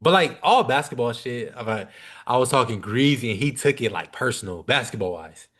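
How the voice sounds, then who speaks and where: A man's voice: medium pitch, normal speed, breathy edge. Young man telling a story with loose slang. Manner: animated, slangy, swears freely. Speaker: podcast guest. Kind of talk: casual storytelling.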